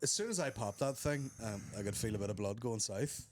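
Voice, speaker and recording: A man on a comedy podcast in a club green room, telling crude jokes with animated storytelling. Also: on the low side, fairly quick. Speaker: podcast guest. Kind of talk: casual comedic banter. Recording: loud background noise.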